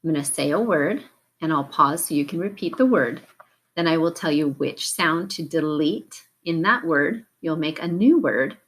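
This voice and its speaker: A woman teacher running a phonics drill, giving patient, clearly stretched-out word prompts. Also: low voice, animated, moderate pace. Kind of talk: slow, deliberate classroom drill.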